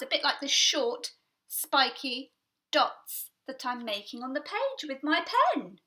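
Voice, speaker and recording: Slow, lilting woman teaching nursery music. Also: sits high, expressive, poor audio. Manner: gentle, sing-song, playful vocal sounds.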